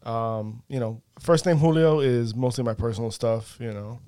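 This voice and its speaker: A man's voice: medium pitch, fairly even intonation, normal speed, warm tone, smooth, no room sound. Hesitant man chatting casually. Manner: hesitant, many fillers and restarts, laughs often. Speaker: podcast guest. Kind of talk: casual chat.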